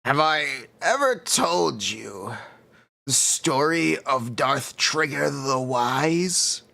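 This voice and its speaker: Man putting on a slow sinister old dark lord voice, scheming, lively pitch. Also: vocal fry, heavily acted. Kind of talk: impression on a live stream.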